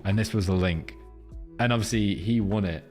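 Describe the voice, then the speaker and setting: On a live stream, a man with a lowish, slightly mellow voice talks at normal speed over soft background music. He banters crudely with his viewers, rambling between jokes and a chart lesson.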